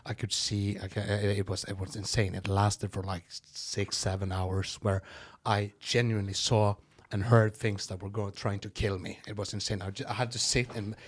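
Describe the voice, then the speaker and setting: A man's voice: fairly low pitch, flat delivery, husky. A man with a Norwegian accent, a comedian chatting candidly as a podcast guest, with frequent restarts. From Norway. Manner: candid, quick, lots of restarts and laughs. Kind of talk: casual podcast chat.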